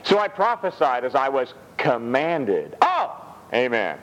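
A man preaching a sermon in a church, reading scripture with animated, rising delivery. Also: normal speed, muffled recording. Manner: animated, rises high when reading scripture.

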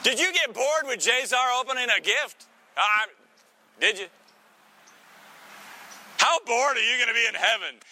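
A man preaching a sermon in a teasing, conversational way, full of quick asides to the congregation. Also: very high-pitched, animated, bright, forceful tone, slight background noise. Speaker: pastor.

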